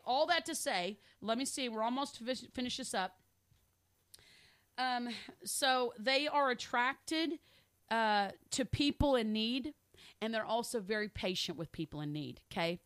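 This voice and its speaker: A woman's voice: on the high side, fairly bright tone, dry recording. A middle-aged woman teaching a casual Bible study, chatty and laughing, checking in with "okay?" and acting out little dialogues. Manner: acts out little dialogues in other voices. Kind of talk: casual teaching on spiritual gifts.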